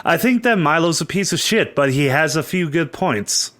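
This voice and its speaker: A man co-hosting a casual podcast chat, swearing freely, rambling and animated. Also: fairly high pitch, normal speed. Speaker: podcast co-host.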